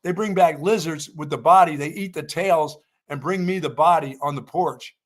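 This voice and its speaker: A man's voice: on the high side, normal speed. Joking man co-hosting sports talk. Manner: joking storyteller, laughs at himself. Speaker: sports radio co-host. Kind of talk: casual chat.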